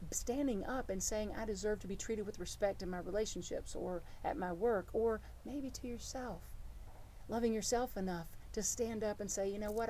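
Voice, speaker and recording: A woman's voice: medium pitch, slight background noise. Earnest woman preaching a sermon. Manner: storytelling, earnest and animated, with many restarts. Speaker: reverend.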